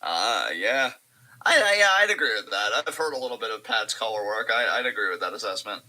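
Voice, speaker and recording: A man's voice: fairly low pitch, animated, brisk, bright, forceful tone, slight background noise, poor audio. A young man co-hosting a live wrestling reaction stream who calls the action and makes dry, sarcastic remarks. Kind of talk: casual live reaction chat.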